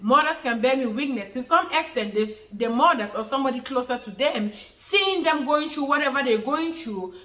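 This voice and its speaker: A woman's voice: high voice, sharp tone. Woman explaining health topics in an echoey room. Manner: repetitive, circles back to points, many fillers. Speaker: health educator. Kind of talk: unscripted explainer talk to camera.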